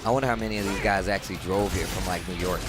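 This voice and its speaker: A man's voice: low voice, fairly even intonation, very fast, music in the background. A man co-commentating a live fighting game tournament, laid-back and teasing. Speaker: esports co-commentator.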